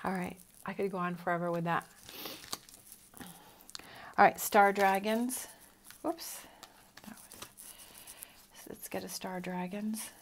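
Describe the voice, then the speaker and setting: A woman's voice: mid-range voice, fairly even intonation, takes it slowly, pauses often, slight background noise. A middle-aged woman giving a motivational tarot reading, earnest and encouraging, repeating her reassurances. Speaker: tarot reader.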